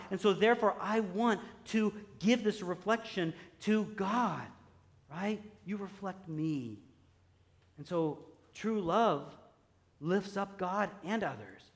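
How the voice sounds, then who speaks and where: A high-voiced man preaches in a loose, conversational way. He often checks in with "right?" and drops to quiet asides before rising to forceful exclamations. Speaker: pastor. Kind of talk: sermon.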